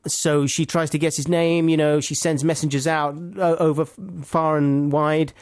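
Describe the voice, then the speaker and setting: A man's voice: on the high side, level tone, normal speed, darkish tone, clean tone, no room sound, studio quality. Rambling man retelling a fairy tale. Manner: rambling, tangent-prone, full of asides and caveats. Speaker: radio show co-host. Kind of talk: comic storytelling chat.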